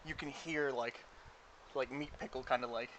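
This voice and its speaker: A man's voice: mid-range voice, fairly even intonation, normal speed, a crowd in the background, rough recording. A man narrating as game master in an online tabletop game, rambling with lots of restarts.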